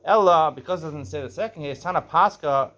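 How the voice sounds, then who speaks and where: A man teaching a page of Talmud, mixing read Aramaic with plain English explanation. He checks in with "right?" again and again and clears his throat from time to time. He stops to correct himself when he gets part of the explanation wrong. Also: on the high side, brisk, fairly bright tone. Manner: reads Aramaic then explains in English, asks "right?" often; clears throat now and then.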